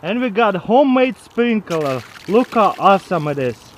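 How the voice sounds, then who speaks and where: High-voiced man eagerly showing hacks. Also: big pitch swings, normal speed, slight background noise, poor audio. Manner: enthusiastic, loose non-native grammar; chats to his dog while filming. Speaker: vlogger demonstrating life hacks. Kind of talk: casual how-to demonstration.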